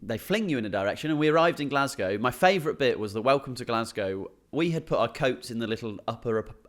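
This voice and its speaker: A male comedian recounting a trip on a podcast. He narrates events in order, in relaxed conversation. His pitch is lively and varied. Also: fast talker. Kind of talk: casual chat.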